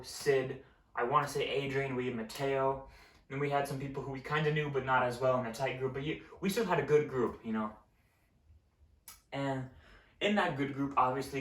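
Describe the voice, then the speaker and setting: A man's voice: medium pitch, steady tone, normal speed, a bit bright, recorded from a distance. A young man telling a school story in a casual vlog, exasperated and swearing freely. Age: young adult. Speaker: vlogger. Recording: roomy echo, set back from mic.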